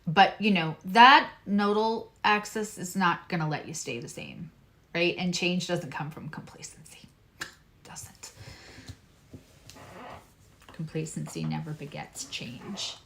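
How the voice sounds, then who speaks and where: A woman from Long Island speaks on the low side, slowly, with a creaky, slightly bright voice and long pauses during a relaxed astrology and tarot reading. She has shed her Long Island accent for neutral American and is emphatic, repeating key phrases and making chatty asides.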